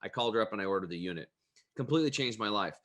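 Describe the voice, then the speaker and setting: Interview guest, male, bright tense tone, lively folksy storyteller. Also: on the low side, very fast. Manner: energetic, emphatic storyteller; folksy, plain-spoken.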